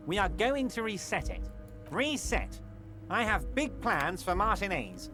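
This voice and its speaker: A jovial, scheming union boss, booming and self-assured as he makes sweeping speeches. His voice is fairly high for a man and moves up and down a great deal. Game music runs clearly underneath. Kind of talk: video game voice acting.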